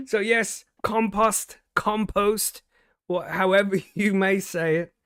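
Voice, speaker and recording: A man's voice: sits high, fairly even intonation, normal speed, fairly bright tone, clear, resonant tone, no room sound, clean studio sound. A young man co-hosting a podcast, chatting casually, swearing freely and laughing at his own jokes. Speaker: podcast co-host. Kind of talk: casual chat, telling jokes.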